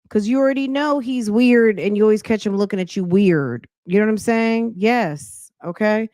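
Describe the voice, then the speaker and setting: A woman's voice: mid-range voice, normal speed, few pauses, warm tone, no room sound, studio quality. A woman hosting a podcast, chatting casually and a little out of breath, talking straight to her viewers with slang. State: slightly out of breath. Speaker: podcast host. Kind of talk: casual commentary chat.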